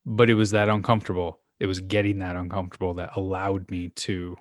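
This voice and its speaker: A man with a very low, deep voice, telling candid personal stories in relaxed podcast conversation. His voice sounds dry and close to the mic. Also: fairly quick, dry recording. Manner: candid, storytelling. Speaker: podcast co-host. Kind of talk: casual conversation.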